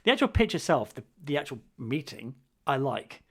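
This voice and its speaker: A man's voice: mid-range voice, sing-song, normal speed, slightly rough. A man co-hosting a podcast in casual chat, with wry, grumbling humor and frequent restarts. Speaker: podcast co-host.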